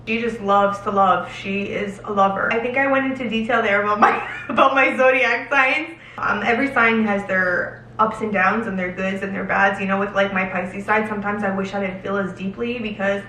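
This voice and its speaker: A woman's voice: medium pitch, fairly even intonation, normal speed, bright, forceful tone, slight background noise. A young woman answering viewer questions to camera in a casual, emotional and candid chat, drawing out words for emphasis. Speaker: lifestyle vlogger. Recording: roomy echo, slightly distant from mic.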